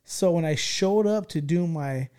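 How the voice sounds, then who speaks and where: A man from California hosting a podcast, telling a childhood story in an animated, profane way and checking in with his listeners as he goes. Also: a little high, measured pace, clean tone. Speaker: podcast host. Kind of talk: casual storytelling.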